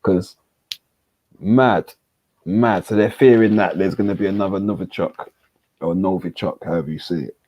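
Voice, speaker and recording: A man's voice: deep voice, moderate pace, pauses often, warm tone, no room sound. A man reading a news article aloud on a panel chat, stumbling over names and making jokey asides. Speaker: panel host.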